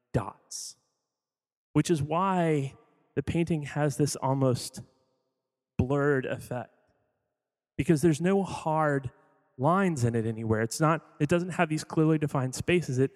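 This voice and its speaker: A pastor, a man with a fairly high voice, preaches in a loose, conversational way, making small jokes and quizzing his congregation. His words ring out with a long reverb from the church hall around him. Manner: conversational, jokey, quizzes the audience. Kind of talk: sermon.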